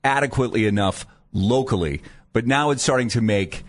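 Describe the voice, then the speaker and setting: A man's voice: medium pitch, brisk. A man co-hosting a morning radio show in a studio, chatting playfully with his co-host and reading station liners. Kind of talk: casual radio banter.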